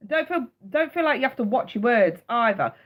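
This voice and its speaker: Blunt, sweary tarot reader. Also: female voice, fairly high pitch, very animated, fairly quick. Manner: blunt, heavy swearing, emphatic repetition. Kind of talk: live-streamed tarot reading. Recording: dull lo-fi sound.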